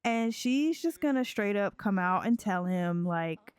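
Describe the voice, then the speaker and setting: A woman's voice: mid-range voice, expressive, smooth, no room sound. A woman casually narrating a life-sim game, chatty and giggly. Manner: chatty, giggly, slow drawl. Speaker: let's play creator.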